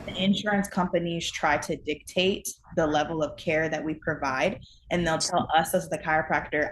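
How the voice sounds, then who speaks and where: A woman's voice: sits low, slight background noise. A woman chiropractor giving earnest explanations as an interview guest, acting out what she tells patients.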